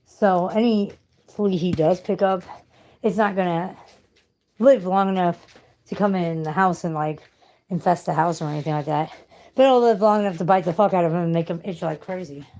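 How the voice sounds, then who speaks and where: A woman's voice: on the low side, mellow, slight background noise. A woman rambling casually at home while doing chores, chatty and venting, swearing freely. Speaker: vlogger. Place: at home, sweeping.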